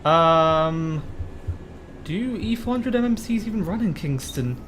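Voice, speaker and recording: A man's voice: on the high side, lively intonation, slow, a bit bright, slight background noise. A man streaming a bus-driving game, chatting casually and rambling as he answers viewer questions. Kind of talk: casual live-stream commentary.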